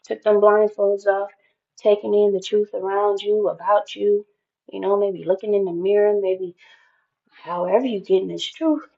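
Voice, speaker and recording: A woman's voice: medium pitch, fairly even intonation, normal speed, gravelly, phone-quality sound. A woman giving an intuitive tarot reading, talking in an emphatic, spiritual way and often repeating phrases. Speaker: tarot reader.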